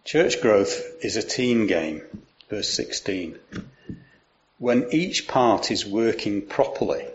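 Low-ish guy giving a sermon, calm and measured, reads scripture out. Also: muffled recording. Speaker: preacher.

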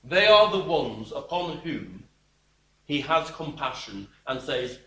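Slow, high-voiced preacher in an echoey room. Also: male voice, big pitch swings. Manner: slow, emphatic preaching with sudden drops to a quiet voice. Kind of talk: sermon.

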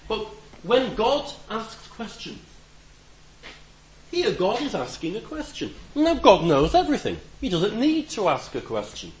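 A man preaching a conversational sermon, reflective with gentle humor and a voice that rises and drops for emphasis. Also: sits high, huge pitch swings, unhurried, echoey room, slight background noise, rough recording.

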